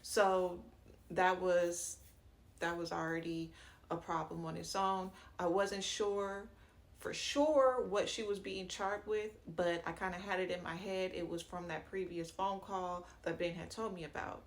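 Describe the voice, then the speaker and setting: A woman's voice: on the low side, steady tone, a little slow. A woman telling a personal story to her viewers in a chatty, slangy way, stopping for fillers and asides and acting out what people said. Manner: chatty and slangy, acts out quoted dialogue. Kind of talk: casual storytime narration.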